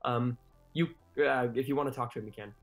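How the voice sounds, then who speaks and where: A man's voice: medium pitch, soft background music. A man narrating an improvised tabletop game as game master, rambling with many fillers. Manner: rambling, filler-heavy, fast.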